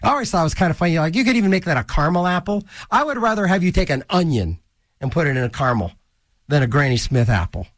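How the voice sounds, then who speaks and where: Radio DJ, man, high lively voice, jokey and rambling, dry close studio mic. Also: fast talker, no room sound. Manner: goofy, rambling, jokey asides. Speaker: college radio DJ. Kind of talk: casual radio DJ patter.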